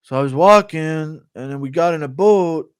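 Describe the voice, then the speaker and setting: A man impersonating a fighter who slowly rambles through a dull story. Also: fairly high pitch, clean tone, no room sound, studio quality, pitched above the performer's own voice, close to an everyday voice. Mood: rambling. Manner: slow, halting storytelling. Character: slow, rambling male fighter telling a pointless story.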